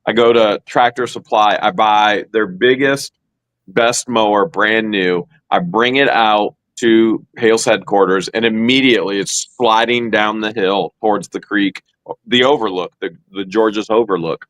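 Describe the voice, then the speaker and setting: Animated man telling a long story. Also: fairly low pitch, measured pace, no echo, poor audio. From Ohio, USA. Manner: animated storytelling, acts out his own quotes. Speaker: co-host. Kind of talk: casual chat.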